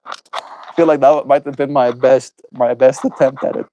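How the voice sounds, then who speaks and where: A South African man in his twenties, chatting with viewers in a slow, musing way during a stream. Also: medium pitch, steady tone, warm tone, no echo, dull audio. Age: 20s. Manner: slow, drawn-out and musing, laughs easily. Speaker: daily livestreamer. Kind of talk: reflective stream chat with viewers.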